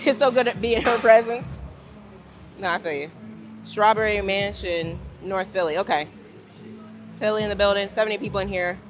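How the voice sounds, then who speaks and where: A woman's voice: mid-range voice, normal speed, long pauses. A young woman from Virginia chatting casually with her livestream viewers from a gym, talking them through her workout. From Virginia, United States. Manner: chatty, addresses viewers as y'all. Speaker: livestreaming fitness creator. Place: gym, indoors.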